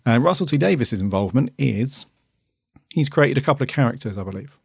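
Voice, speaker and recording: Gravelly-voiced man co-hosting a podcast. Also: mid-range voice, animated, brisk, no room sound, clean studio sound. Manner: jokey, chatty, laughs often, trailing restarts. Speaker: podcast co-host. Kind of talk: casual podcast chat.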